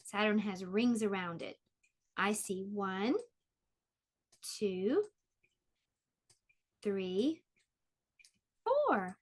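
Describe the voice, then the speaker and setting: A woman teaching an online preschool lesson, speaking slowly in a sing-song way to small children. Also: mid-range voice, lively intonation. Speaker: pre-K teacher.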